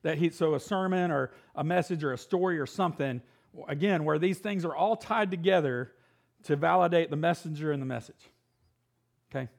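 Casual preaching man, raised pitch. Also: gravelly. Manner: reads scripture aloud, then riffs casually with quick laughs and rising exclamations. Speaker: pastor. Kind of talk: sermon.

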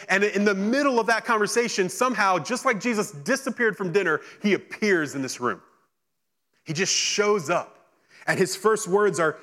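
A man delivers a sermon with a somewhat high-pitched voice. He reads scripture and then acts out its scenes, jumping between excited bursts and hushed, quiet lines. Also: normal speed. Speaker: pastor.

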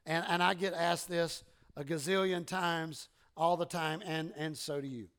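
A man's voice: on the high side, steady tone, a little slow, a bit bright, clean tone. A man with a Southern US accent, a pastor preaching a sermon in a conversational, self-deprecating way, often restarting his words and quoting everyday exchanges. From American South.

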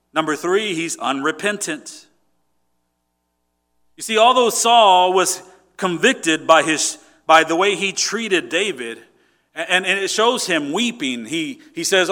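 A male pastor preaching with a bright, forceful tone and a fairly high voice. He drives points home emphatically, then drops to quiet, low asides. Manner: emphatic, swings from loud to quiet. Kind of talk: sermon.

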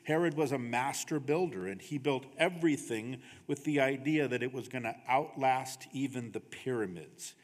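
A man preaches a sermon at a medium pitch, in a loose, conversational way, often checking in with the congregation. His voice carries the long reverb of a church hall. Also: moderate pace, few pauses. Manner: conversational preaching, frequent "right?" tags. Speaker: pastor. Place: church sanctuary.

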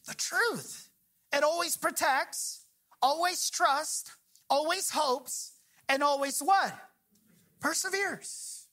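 Woman, pastor, sermon, high voice, bright tone, emphatic, call-and-response. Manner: emphatic preaching, slowing on key phrases, prompting the congregation to finish lines.

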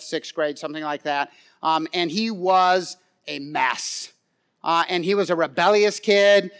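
High-voiced animated man preaching. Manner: animated storyteller, swings from loud excitement to quiet pleading. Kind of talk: sermon with personal story.

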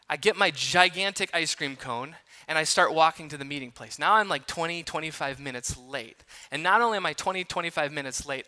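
Guy pastor from wisconsin, high bright voice, chatty animated sermon with jokes on himself. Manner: animated, conversational, self-deprecating. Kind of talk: sermon with personal storytelling. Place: large church hall.

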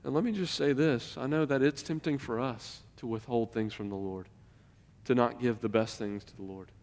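A man's voice: mid-range voice, moderate pace, darkish tone, big-room sound. A man preaching a sermon, speaking emphatically with questions to the congregation. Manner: emphatic, rising and falling in volume, addresses the congregation with questions. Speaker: pastor.

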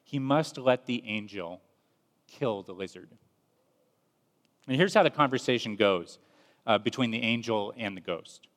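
Man, preacher, earnest storytelling, mid pitch, long reverb. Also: measured pace, long pauses, a bit bright. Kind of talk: sermon with story retelling.

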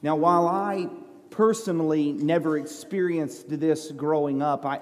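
A middle-aged male pastor preaches in a church sanctuary, his slightly high voice carrying a long reverb tail. He talks earnestly and haltingly, often restarting his sentences as he tells a story. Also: darkish tone. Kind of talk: sermon with a personal story.

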